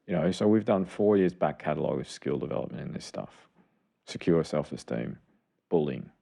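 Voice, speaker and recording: With a rumbling low, gravelly voice and a dark tone, a man talks expressively and a little fast. He's a podcast co-host and child clinician explaining child mental health in a casual, earnest, rambling way, correcting himself as he goes.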